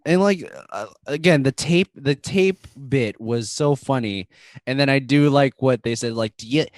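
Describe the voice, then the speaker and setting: A man's voice: medium pitch, unhurried, no room sound. A man co-hosting a podcast in casual comedic chat, joking around and talking through a movie. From Staten Island, New York. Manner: jokey, plays up a tough-guy New York bit. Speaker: podcast co-host.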